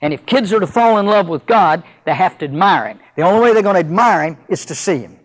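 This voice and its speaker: A man preaching a sermon who reads scripture slowly and solemnly and then drives his points home with rising emphasis and rhetorical questions. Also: high-pitched, expressive, rough recording.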